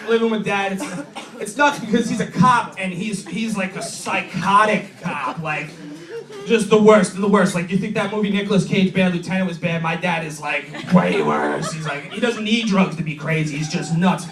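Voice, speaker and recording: A high-voiced young man from New York tells crude jokes on a comedy club stage. He rambles and acts out his friends in quick voices. The sound is roomy and picked up from a distance, with the crowd audible behind him. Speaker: stand-up comedian. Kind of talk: stand-up comedy set.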